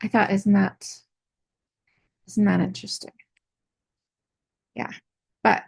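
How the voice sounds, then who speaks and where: A woman's voice: on the low side, vocal fry, a little mellow, breathy edge, no echo. A woman in her forties, out of breath, telling a personal story in a rambling way, full of fillers and restarts. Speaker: artist vlogger.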